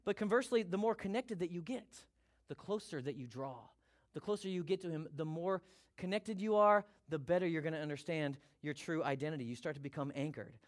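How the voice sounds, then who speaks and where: A man preaching a sermon as pastor, energetic and emphatic, repeating his key points. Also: fairly high pitch, fairly quick.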